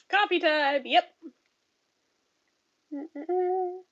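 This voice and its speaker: Her voice is high and animated, with a measured pace and frequent pauses. This woman in her thirties reads viewer comments in casual home-stream chat, swearing bluntly, laughing often and ranting, captured in dull lo-fi audio.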